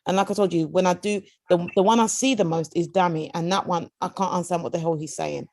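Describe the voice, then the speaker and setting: A British woman co-hosts a podcast, talking frankly and casually, often repeating words and using plenty of filler phrases. Her fairly low, darkish voice is steady and fast, in a dry, studio-quality recording.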